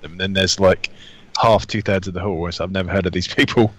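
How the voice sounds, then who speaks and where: Low-voiced man, easygoing. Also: fairly even intonation, a little fast, no echo. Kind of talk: casual chat.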